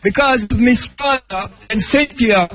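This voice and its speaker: A man's voice: very high-pitched, slow, over music, poor audio. An older Jamaican man giving a rambling formal welcome to everyone on the beach. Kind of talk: public welcome speech.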